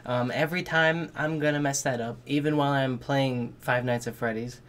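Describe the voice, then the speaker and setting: A man giving casual, excitable reaction commentary on a game trailer, swearing freely and thinking out loud. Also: mid-range voice, moderate pace. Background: game trailer music.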